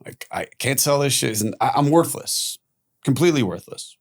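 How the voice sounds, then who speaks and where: A middle-aged man telling his own story as a podcast guest, candid and animated, swearing freely. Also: mid-range voice, normal speed.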